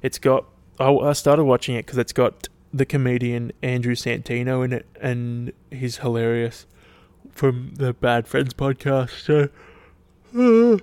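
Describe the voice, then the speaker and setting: On his own podcast, an Australian man chats casually with lots of swearing, sounding laid-back and rambling. He's tired and yawning, and his mid-range voice is level, a little slow, darkish, clear and resonant. There's no echo.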